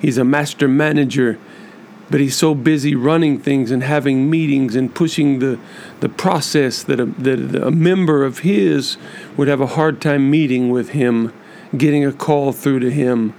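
A man hosting a podcast, speaking earnestly and emphatically to church leaders in a measured monologue with many repeated lists. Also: mid-range voice, steady tone, darkish tone, a little hiss or hum. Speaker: podcast host.

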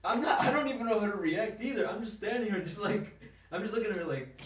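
A man's voice: high-pitched, animated, fast, far from the mic, a little hiss or hum. A young man in casual chat, telling stories in rambling slang, swearing a lot. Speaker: storyteller in a chat. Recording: echoey room, away from mic.

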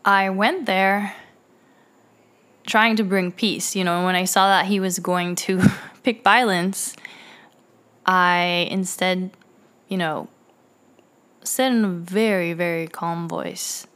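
A woman's voice: on the low side, fairly even intonation, slow pace, pauses often, a bit bright, clean tone. A woman who works at a dialysis clinic, telling personal stories in a rambling way, with many fillers and restarts. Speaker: dialysis clinic staff member. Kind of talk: casual personal storytelling.

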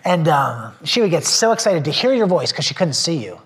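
Male pastor, testimony to a small group, earnest and rambling, voice a bit high. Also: big pitch swings, fairly quick, a bit bright. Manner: earnest, rambling, with many fillers and restarts; emotional when telling faith stories.

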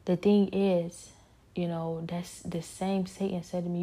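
A woman's voice: fairly low pitch, flat delivery, a little slow, mellow. A woman giving an earnest, repetitive personal testimony, often dropping into a whisper. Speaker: speaker sharing a personal spiritual struggle.

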